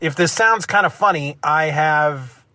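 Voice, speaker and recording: A man's voice: a little high, measured pace, pushed and bright, no room sound, soft background music. A man hosting his own solo podcast, talking into a phone in a loose, rambling way with self-mocking rants. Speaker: podcast host. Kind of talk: casual solo podcast monologue. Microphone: phone used as mic.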